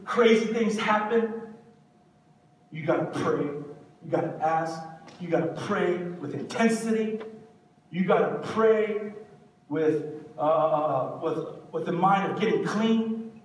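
Male pastor, high-pitched, earnest and repetitive, heard from a distant mic in a booming hall. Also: measured pace. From Korea. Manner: earnest, repetitive preaching cadence. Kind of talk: sermon. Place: church sanctuary. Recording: echoey hall, distant mic, faint hiss.

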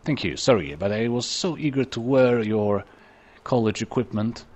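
Husky, chatty man commenting on a game. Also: medium pitch, normal speed, a little mellow, highs cut off. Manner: chatty, joking and self-deprecating, talking back to game characters. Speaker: let's play host.

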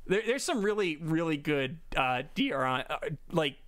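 In a casual podcast chat, a male co-host rambles along with fillers and restarts. His voice is a little high and sing-song, a bit bright, and moves at a moderate pace. The sound is clean studio quality with no room sound.

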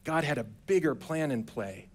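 A man's voice: medium pitch, normal speed, slightly rough. A man preaching a sermon in a church, retelling scripture in a casual, chatty way and acting out the characters' lines with modern slang. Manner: casual storytelling preacher who acts out quotes in a relaxed, modern voice. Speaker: pastor. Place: church sanctuary.

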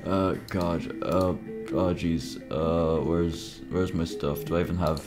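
Low-voiced young man rambling over gameplay. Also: steady tone. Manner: mumbly, halting, lots of fillers. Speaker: gaming video creator. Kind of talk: casual gameplay commentary. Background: game music.

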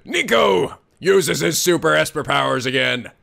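A young man hosting a let's play, giving loud, excitable, profane comedy commentary with lots of laughing. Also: a little high, measured pace, vocal fry.

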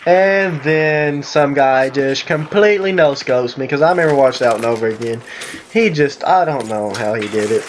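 A man's voice: medium pitch, normal speed, a little hiss or hum. Rambling Southern gamer guy. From Southern United States. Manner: rambling, excitable, jokey with sarcastic asides. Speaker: gaming commentator. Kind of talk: casual voice-over commentary on gameplay.

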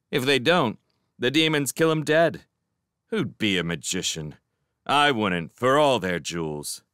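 A man's voice: lowish voice, fairly bright tone, clean tone, no echo, studio quality. A man voicing a cheerful, cocky teenage boy in a storybook reading, breezy and teasing.

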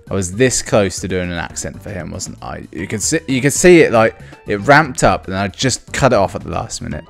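A man's voice: low-pitched, expressive, fairly quick, vocal fry, few pauses, faint music behind. A man giving casual let's play commentary on a video game, with dry, sarcastic asides.

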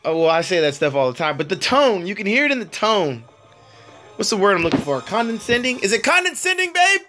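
Hoarse, chatty gaming commentator. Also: male voice, fairly high pitch, big pitch swings, brisk, a bit bright, faint music behind. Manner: chatty, laughs at himself, talks to viewers. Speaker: mobile game commentator. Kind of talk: casual gameplay commentary. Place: home.

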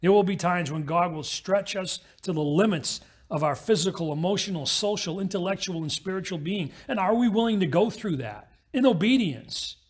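High, husky-voiced male pastor preaching. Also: expressive. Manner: storytelling with quick acted-out voices in the parable. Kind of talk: sermon.

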